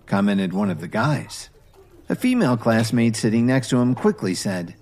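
A man giving a scripted storybook narration in an expressive, measured way. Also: fairly low pitch.

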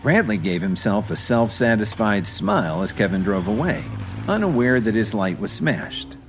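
A man narrating a dramatic story in an expressive way. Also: on the low side, normal speed, slight background noise.

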